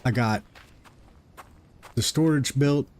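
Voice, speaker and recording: A man's voice: mid-range voice, slow pace, slight background noise. A middle-aged man hosting a live gaming stream, rambling and self-deprecating as he talks through his progress into a desk microphone at home. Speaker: gaming livestream host. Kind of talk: live gameplay commentary.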